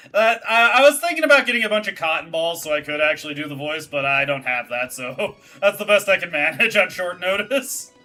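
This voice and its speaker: A woman's voice: on the low side, moderate pace, sharp tone, soft background music. A woman streaming a video game, chatting casually and laughing between lines. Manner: chatty, laughs, reads game text aloud. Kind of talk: casual let's-play commentary.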